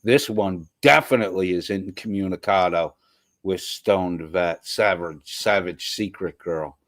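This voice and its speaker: A man's voice: low-pitched, measured pace, a bit bright, no echo. A man from the US East Coast hosting a casual livestream and reading chat comments aloud. He is congested with a sore throat and talks in a profane, rambling way. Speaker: livestream host.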